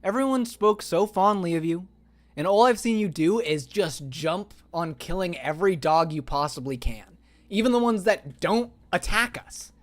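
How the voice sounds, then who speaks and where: A man streaming a game live, chatting to his viewers, swearing often and breaking into sudden loud outbursts. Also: sits high, lively intonation, moderate pace. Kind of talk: live gameplay stream chat.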